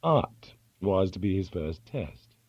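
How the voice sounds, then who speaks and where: A man narrates an audiobook with a husky, low voice that rises and falls expressively. He reads slowly and carefully, weighing each word. The recording is dry and dull, with a lo-fi quality. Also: big pitch swings, no room sound. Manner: measured, careful reading of a dictionary entry.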